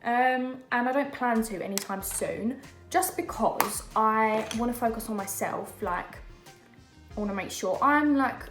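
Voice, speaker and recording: Doing her makeup at home during lockdown, the young beauty vlogger rambles in casual chat full of fillers. She speaks at a measured pace in a slightly high, somewhat bright voice, with an echoey room and faint background music.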